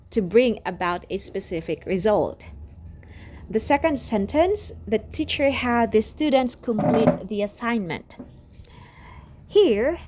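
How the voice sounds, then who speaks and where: Slow-reading woman teacher. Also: mid-range voice, a little mellow, a little hiss or hum. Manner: slow, deliberate reading of example sentences. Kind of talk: reading lecture notes aloud.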